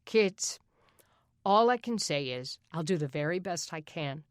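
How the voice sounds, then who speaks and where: A middle-aged male sheriff speaks firmly and levelly with calm authority, as a woman narrating an audiobook plays him. The voice is fairly low and dry. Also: a little slow, no room sound.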